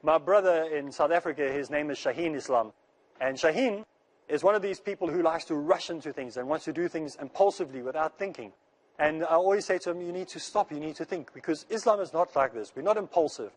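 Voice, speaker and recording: Fast-talking man giving a religious lecture. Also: a little high, expressive. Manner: rapid, rushing delivery; earnest and reassuring, repeats phrases. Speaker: Islamic speaker.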